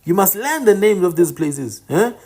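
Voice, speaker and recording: A man's voice: sits high, sing-song, normal speed, darkish tone. Insistent man teaching. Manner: emphatic, corrects names insistently and repeats them. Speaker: channel host teaching indigenous place names. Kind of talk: informal teaching monologue.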